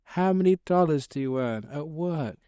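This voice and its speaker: A small, persistent boy asks again and again in a soft, pleading voice, sweet and a little lifted, as a man puts him on. The sound is smooth and dry, close to the mic. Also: on the high side, expressive, normal speed, no room sound, muffled recording, close to an everyday voice. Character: six-year-old boy, persistent and sweet.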